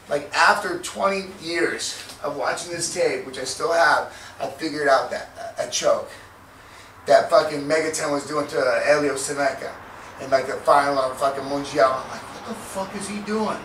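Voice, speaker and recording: A man's voice: a little high, steady tone, moderate pace, fairly bright tone. A man teaching a jiu-jitsu seminar in a loose, profane, casual way, acting out moves and sound effects as he goes. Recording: echoey room from far off, with noise.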